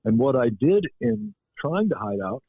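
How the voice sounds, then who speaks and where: A man, an author as interview guest, telling stories in a reflective, animated way. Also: medium pitch, normal speed, no room sound. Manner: reflective, animated storytelling with frequent restarts. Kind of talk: interview conversation. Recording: dry phone-like line.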